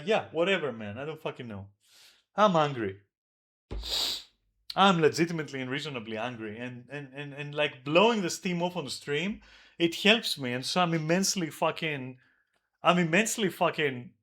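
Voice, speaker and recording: A man streaming an angry, profane rant about his old flatmate, yelling at times. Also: a little high. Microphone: desk microphone.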